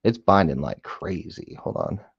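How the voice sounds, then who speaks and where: On a dry, muffled recording from a nearby camera, a hobbyist lock picker talks along at a moderate pace while picking a lock. His low voice swings widely in pitch, with vocal fry and a breathy edge. He mutters and whispers to the pins, swears, and makes jokes in a casual way.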